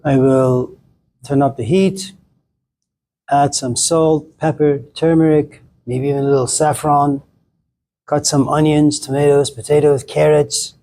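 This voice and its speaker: Man doing a blunt cook, flat matter-of-fact delivery. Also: fairly high pitch, a little slow, a little hiss or hum, rough recording.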